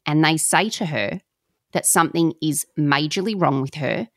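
A woman co-hosting a podcast, telling a story in casual, animated chat with slang and the odd swear word. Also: sits low, moderate pace, dry recording, clean studio sound. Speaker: podcast co-host.

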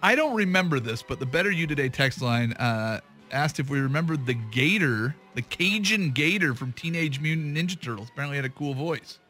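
A man's voice: on the high side, lively intonation, pushed and bright, faint music behind. A man hosting a sports talk radio show, chatting loosely and teasing his co-host between sports topics. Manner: joking, loose, quick to laugh at himself. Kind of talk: casual sports radio banter. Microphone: studio microphone.

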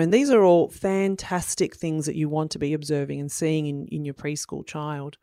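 A woman's voice: deep voice, darkish tone, dry recording, clean studio sound. A woman, explaining to parents how to build early reading skills in a friendly, encouraging way, acting out children's replies. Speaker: parenting educator. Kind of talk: instructional talk to parents.

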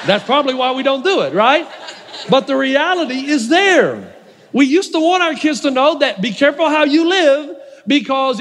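Male pastor, very high voice, lively humorous storytelling, sermon, echoey hall. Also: a little slow, pauses often, slight background noise.

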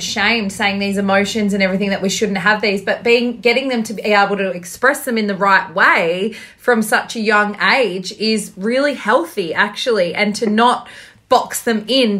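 A woman's voice: mid-range voice, fairly bright tone. A woman, hosting a casual podcast chat in a chatty, gushing way. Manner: chatty and gushing, laughs easily. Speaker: podcast host.

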